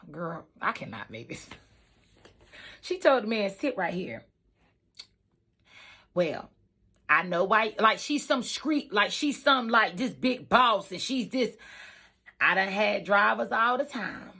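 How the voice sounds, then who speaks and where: Animated bright-voiced woman telling a story. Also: medium pitch, slow pace, creaky, slightly rough. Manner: animated, emphatic, repeats lines for effect. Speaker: trucker and trucking school staff. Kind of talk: casual storytelling vlog.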